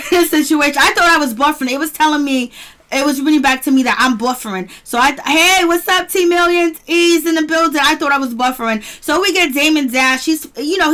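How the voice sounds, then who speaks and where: Reviewing a reality show on a casual livestream, this Boston-area woman greets her chat by name and frequently breaks into laughter. She speaks at a normal pace, her voice sitting high with a bit of brightness.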